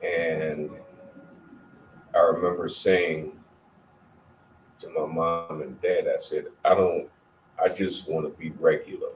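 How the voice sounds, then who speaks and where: A man with a very deep voice tells a story at a slow, measured pace, reflective throughout. He sits away from the mic in a roomy space with faint noise behind him. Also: level tone, recorded from a distance. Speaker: participant. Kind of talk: personal storytelling in a group.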